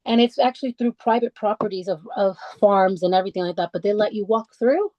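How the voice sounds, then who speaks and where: A woman guest on a podcast, telling her own story in a halting, heartfelt way with many restarts and fillers. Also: mid-range voice, dark tone, no room sound, muffled recording. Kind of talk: personal conversational storytelling. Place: lives in the English countryside.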